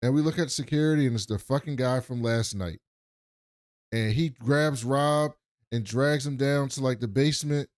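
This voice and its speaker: A male podcast host rambles through a recap, filling his retelling with "like" and quick impressions of the characters. His voice is mid-pitched and sits dry and close. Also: no echo. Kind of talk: casual recap chat.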